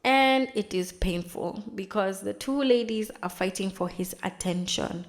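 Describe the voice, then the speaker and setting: Woman vlogger doing a chatty episode recap, lively retelling, little acted bits. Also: mid-range voice. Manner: chatty, retells scenes with quick dramatized asides. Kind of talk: casual episode recap commentary.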